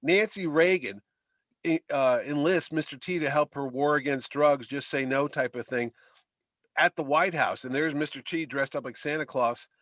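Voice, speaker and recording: Animated rambling man, dry close sound. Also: a little high, normal speed, dry recording. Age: middle-aged. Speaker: podcast co-host. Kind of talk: casual chat.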